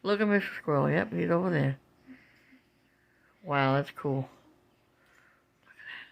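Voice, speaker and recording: A woman's voice: low-pitched, measured pace, creaky. A woman vlogging from home on a phone camera, narrating out a window to her viewers. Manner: animated, coos and exclaims, talks to viewers as "guys". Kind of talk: casual home video narration.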